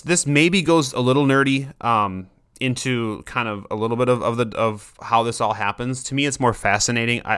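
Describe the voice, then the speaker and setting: A man with a bright, forceful voice talks through his ideas in a relaxed, conversational way. He leans on everyday examples and personal asides. His voice sounds close and dry, with no room around it. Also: mid-range voice, no echo. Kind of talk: casual explanatory talk.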